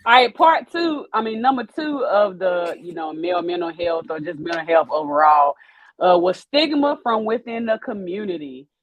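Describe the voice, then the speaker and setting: A woman's voice: lowish voice, expressive, normal speed, poor audio. A woman, co-hosting a casual livestream chat and reading viewer comments aloud with lots of laughter.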